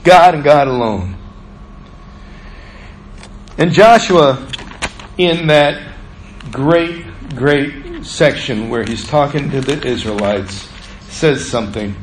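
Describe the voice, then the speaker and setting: A man preaching a sermon as pastor, swinging between emphatic raised lines and hushed low drops. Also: expressive, slow pace, pauses often, a little hiss or hum, low-quality recording.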